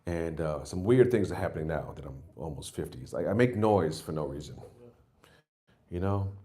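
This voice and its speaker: Brief: forties New comic, low voice with big swings in pitch, loose and self-mocking. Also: male voice, expressive, normal speed. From New York. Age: 40s. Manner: rambling and self-mocking, with loud jumps into put-on exclamations. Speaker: stand-up comedian. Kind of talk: stand-up set.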